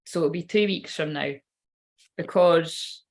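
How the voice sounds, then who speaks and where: Woman, card reader, rambling casual chat, slightly low voice, swears offhand. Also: slow pace, darkish tone. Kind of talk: casual livestream card reading.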